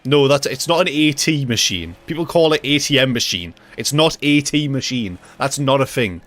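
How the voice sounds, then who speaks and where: Ranting young streamer. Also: male voice, medium pitch, lively intonation, normal speed, fairly bright tone. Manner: jokey, ranting, reacts to chat, swears casually. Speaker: livestreamer. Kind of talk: casual gaming livestream chat.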